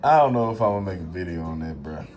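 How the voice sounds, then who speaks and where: A man's voice: low voice, lively intonation, fast, darkish tone. A man talking casually to his audience, slangy and emphatic, swearing freely and repeating phrases for emphasis. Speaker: vlogger. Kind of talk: casual monologue to camera.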